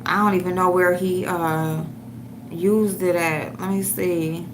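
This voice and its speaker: A woman's voice: on the low side, steady tone, takes it slowly, noisy background. A woman hosting an online show, ranting and mocking someone with heavy profanity while she looks for a clip to show her viewers. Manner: profane, mocking, trash-talking. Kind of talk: ranting commentary livestream.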